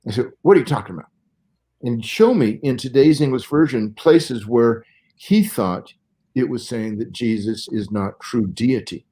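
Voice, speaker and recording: A man's voice: mid-range voice, measured pace, warm tone. A man in his sixties from Southern California, a Bible scholar guesting on an interview show, explaining things carefully and step by step, like a lecture.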